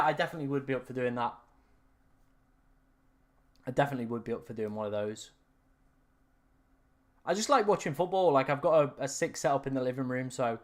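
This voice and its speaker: A young man, his voice raspy and strained after hours of live streaming. He rambles and corrects himself as he chats to his viewers from home. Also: mid-range voice, fairly bright tone. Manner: rambling, self-correcting, talks to chat. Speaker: fantasy football streamer. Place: room at home.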